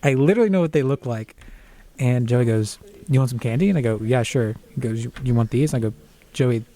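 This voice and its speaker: A man's voice: mid-range voice, a little fast, dark tone. A young man co-hosting a college radio show, chiming in with jokes and telling his side of a story. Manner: joking interjections, playful. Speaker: radio co-host. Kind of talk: casual banter on college radio.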